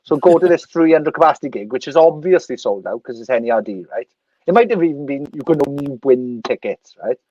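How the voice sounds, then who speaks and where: A man's voice: medium pitch, a little fast, muffled recording, a little hiss or hum. Sweary Welsh man telling a story. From Wales. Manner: animated, sweary, laughs through anecdotes. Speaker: podcast guest. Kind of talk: casual storytelling.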